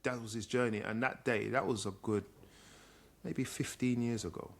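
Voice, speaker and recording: A man's voice: mid-range voice, steady tone, normal speed, creaky. A middle-aged man, a guest, candidly telling a personal story in a reflective way. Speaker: guest, social worker.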